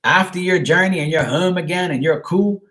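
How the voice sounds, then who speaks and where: A man's voice: high-pitched, normal speed, a bit bright, a little hiss or hum. A man giving a live-streamed tarot card reading, talking frankly and greeting his viewers by name.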